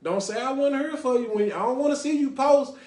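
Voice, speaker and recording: A man's voice: very high-pitched, a little fast, a little mellow, roomy sound. A man from North Dallas, hosting a casual podcast with call-ins and often saying "you know what I mean". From Lake Highlands, North Dallas, Texas. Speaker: podcast host.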